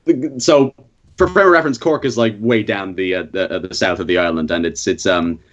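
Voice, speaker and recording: A man's voice: low-pitched, a little fast, fairly bright tone, lo-fi sound. An Irish man chatting casually on a podcast, rambling with many fillers and restarts. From Ireland. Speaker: podcast guest. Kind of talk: casual chat.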